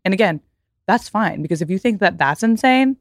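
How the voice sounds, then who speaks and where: A young woman hosting a casual podcast chat, blunt and animated, acting out little quoted voices. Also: mid-range voice, a little fast, dry recording, studio quality. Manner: animated, mimics others in quoted asides. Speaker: podcast host.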